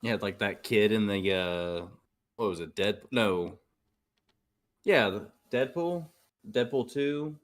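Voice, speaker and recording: A man's voice: lowish voice, slow pace, pauses often. A young man chatting casually on a call, making laid-back, wry remarks while watching a show.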